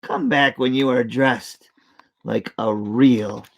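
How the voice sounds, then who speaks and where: Prissy storybook prince, scornful and fussy, slow drawn-out scolding, done by a woman reading aloud. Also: extremely low pitch, fairly even intonation, husky, voice pushed down, full character voice. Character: snooty, fussy young prince.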